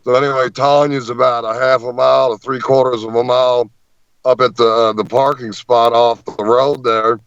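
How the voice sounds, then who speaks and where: A man tells a story as an interview guest, animated and often stumbling over repeated words. His voice sits at an ordinary middle pitch. The sound is muffled and dry, with no room echo at all. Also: normal speed, smooth.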